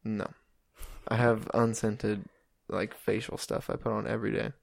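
A young man co-hosting a podcast, relaxed and wry, steering the topics in a casual chat. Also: on the low side, unhurried, gravelly, no echo, studio quality. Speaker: podcast co-host.

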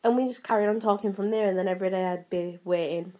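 A woman's voice: medium pitch, fairly even intonation, highs cut off. A young woman with a Yorkshire accent talks casually as a podcast co-host. She teases her friend, keeps the talk moving and often jumps in mid-sentence. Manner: teasing, talkative, quick to interrupt. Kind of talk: casual chat.

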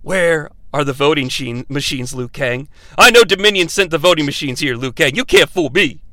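A man voicing an excitable, paranoid woman soldier who yells conspiracy talk. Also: on the high side, moderate pace, dry recording. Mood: frantic.

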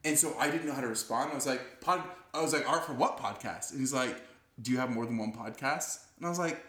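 A young man co-hosting a podcast, chatting casually, excitable, laughing often and swearing. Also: medium pitch, fast, roomy sound. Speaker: podcast co-host. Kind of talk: casual chat.

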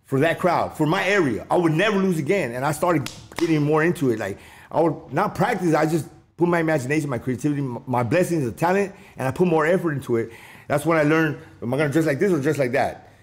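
A man's voice: fairly high pitch, fast. A man from the Los Angeles area telling a story in casual, slangy speech, acting out the voices of the people in it. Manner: animated, slangy, acts out quoted voices.

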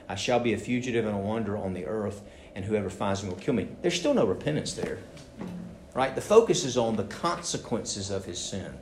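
A pastor with a lowish voice preaches a sermon in a church sanctuary, animatedly acting out the voices of the people he quotes. The recording has a roomy church echo and a little hiss or hum.

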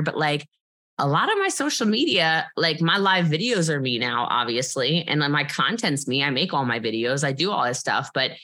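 Interview guest: a woman with a low, forceful voice, blunt and emphatic. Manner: emphatic and animated, blunt, swears freely. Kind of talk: personal interview storytelling.

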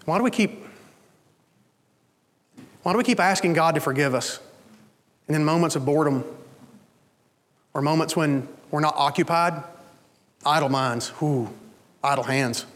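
A man with a high voice preaches a Sunday sermon, talking to his congregation in a loose, conversational way and often asking if they follow. His voice carries a long hall reverb from the church sanctuary. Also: measured pace, pauses often, a bit bright. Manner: conversational preaching, asks the congregation "you understand?". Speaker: pastor.

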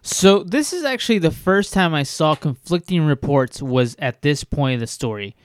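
A man's voice: on the high side, animated, normal speed, clear, resonant tone, dry recording, studio quality. A man co-hosting a casual chat, retelling a story with frequent hesitations. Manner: hesitant storytelling with many "um"s and restarts. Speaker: podcast co-host.

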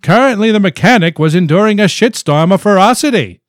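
A man reading a novel aloud in a loud, strained, high put-on voice for a gruff male drill-sergeant type. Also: expressive, brisk, no room sound, studio quality. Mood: gruff, shouting.

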